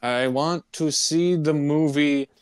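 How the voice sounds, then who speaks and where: A man's voice: fairly high pitch, fairly even intonation, slow pace, smooth, no room sound. A young man co-hosting a podcast in casual chat, laid-back, mostly giving short replies. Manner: laid-back, brief replies, frequent laughs. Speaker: podcast co-host.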